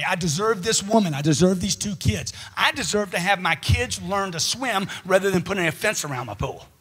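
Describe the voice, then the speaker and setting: A man with a high, husky voice delivers a motivational seminar talk into a handheld mic. He drives his points home emphatically and fires off rhetorical questions at the crowd. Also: fairly bright tone. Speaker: motivational speaker.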